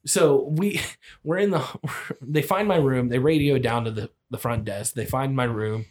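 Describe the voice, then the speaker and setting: A man's voice: mid-range voice, a little slow. A man telling a wild story on a casual podcast, swearing often and laughing as he goes. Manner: profane, laughing, animated retelling. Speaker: storyteller guest.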